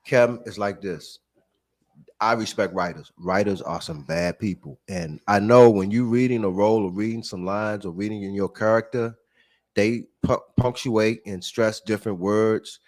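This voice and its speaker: A man's voice: fairly low pitch, moderate pace. A man hosting a casual chat, explaining acting in a laid-back, earnest way.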